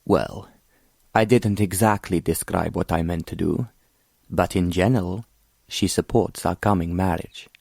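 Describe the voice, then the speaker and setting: A man's voice: sits low, a little slow, creaky, a little mellow, breathy edge, dry recording, studio quality, exaggerated voice. A man playing an arrogant scheming prince who speaks coldly and mockingly. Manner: mocking, cold, condescending. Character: cold scheming foreign prince, arrogant villain.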